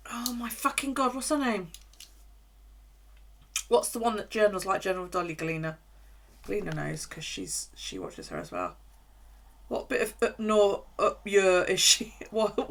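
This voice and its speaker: A woman's voice: medium pitch, fairly bright tone. Chatty, sweary woman streamer. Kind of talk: casual live-stream chat. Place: home.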